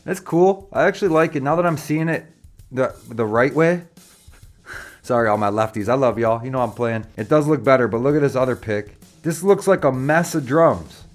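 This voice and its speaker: A man's voice: mid-range voice, lively intonation, moderate pace, soft background music. Joking, slangy young man. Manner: joking, profane, slangy, calls viewers brother. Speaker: drummer rating drum kits. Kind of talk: casual chat.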